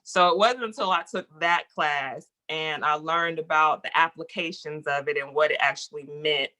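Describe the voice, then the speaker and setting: A woman guest in a casual interview, telling a story in a lively, animated way and acting out what people said. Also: deep voice, normal speed. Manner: lively, animated storyteller who acts out quotes.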